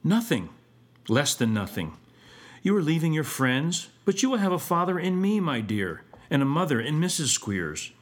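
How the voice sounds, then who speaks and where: Man voicing a bullying two-faced storybook schoolmaster, blustering, raised pitch, louder. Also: animated, unhurried. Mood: oily. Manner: blustering and snarling, then oily and sweet.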